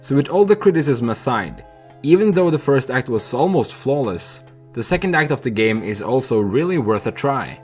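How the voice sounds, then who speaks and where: A young man narrating a video essay in a candid, animated way that includes swearing. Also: medium pitch, normal speed, faint music behind.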